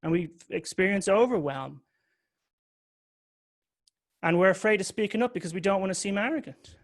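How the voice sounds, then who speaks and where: Candid man telling his story. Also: sits high. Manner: candid, confessional, occasional swearing. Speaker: public speaker. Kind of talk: personal storytelling talk.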